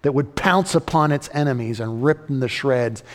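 A man preaching a sermon as a pastor, building to emphatic repeated questions and then dropping low and slow. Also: in a large hall.

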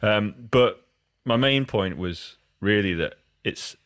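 A man's voice: fairly low pitch, lively intonation, takes it slowly, a bit bright, no room sound, studio quality. A Scottish man hosting a podcast interview, talking in a loose, rambling way with many restarts. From Scotland. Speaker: podcast host. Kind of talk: casual interview chat.

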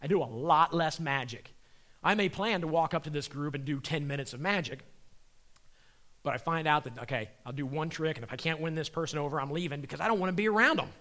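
A middle-aged man, a comedian and magician, giving a comedic Christian talk and telling stories with animated energy. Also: on the high side, fast talker. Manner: animated storyteller acting out voices.

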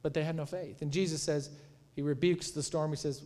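A man preaching a sermon in a conversational, animated way, retelling stories and acting out quotes. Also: a little high, fairly quick, big-room sound. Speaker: pastor.

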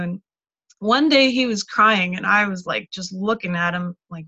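A woman's voice: medium pitch, steady tone, moderate pace, a bit bright, dull audio. A woman giving a candid, conversational teaching talk and personal testimony, with casual restarts and frequent "like.". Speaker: speaker teaching healing tools.

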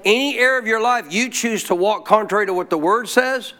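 Pastor, male, high voice, preaching with call-and-response and scripture quotes. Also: a little fast, pushed and bright. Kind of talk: sermon.

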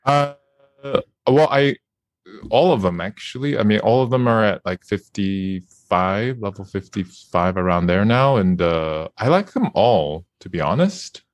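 A man, a video game actor, chatting as an interview guest, relaxed and laughing often, with hesitant fillers. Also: on the low side, unhurried, no room sound. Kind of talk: casual interview chat.

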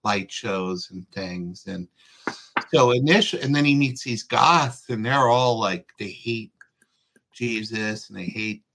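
A male writer talking casually in an interview, recounting his book's story in a relaxed, meandering way. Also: fairly low pitch, a little slow, vocal fry, noisy background. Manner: relaxed storyteller, lots of fillers. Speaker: author guest.

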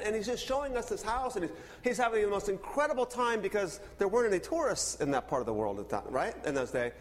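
Brief: male pastor, high voice, lively storyteller, echoey church hall. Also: fast talker, few pauses. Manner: animated storyteller, acts out dialogue. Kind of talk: sermon with personal storytelling.

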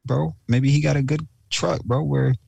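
A man's voice: on the high side, fairly even intonation, moderate pace, vocal fry, dark tone, breathy edge, dry recording. A man co-hosting a casual podcast, talking in a laid-back, slangy way. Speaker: podcast co-host.

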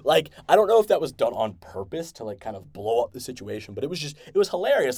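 A man hosting a podcast, excitedly recapping and reviewing an episode in a rambling, casual way with many restarts. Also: mid-range voice, fast talker, no echo, studio quality. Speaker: podcast host.

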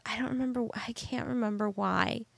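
A woman's voice: fairly high pitch, fairly even intonation, moderate pace, gravelly, fairly bright tone, no room sound. A young woman co-hosting a podcast, telling a story in a hesitant, rambling way. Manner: rambling, hesitant, many "like" fillers. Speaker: podcast co-host. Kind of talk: casual chat.

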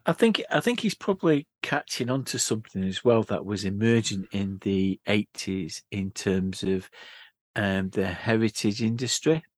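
A man's voice: fairly low pitch, animated, normal speed, no echo. A man discussing a book on a podcast, thinking aloud with many fillers and restarts. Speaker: podcast co-host.

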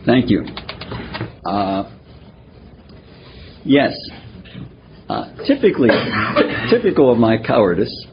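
An older man telling his personal recovery story at a twelve-step meeting, halting and self-deprecating, with many pauses and fillers. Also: on the low side. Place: meeting room. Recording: muffled recording with faint hiss.

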